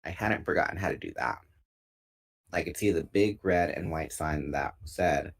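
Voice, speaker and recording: A man reading a novel aloud in a relaxed, unpolished way, pausing now and then to correct a slip. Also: a bass voice, gravelly, husky. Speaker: book reader.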